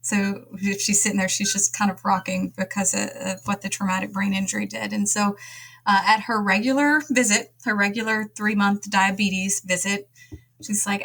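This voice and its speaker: A woman nurse practitioner telling a patient story in a conversational podcast interview, with an animated way of acting out dialogue. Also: mid-range voice, moderate pace, creaky, low-quality recording. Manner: animated, acts out quoted dialogue.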